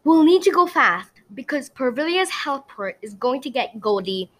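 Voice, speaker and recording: A high, excitable young unicorn girl, put on by a woman reading a storybook, swinging from urgent whispers to loud whines and squeals. Her voice is bright and keeps leaping in pitch. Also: normal speed. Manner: dramatic, whiny, urgent whispers.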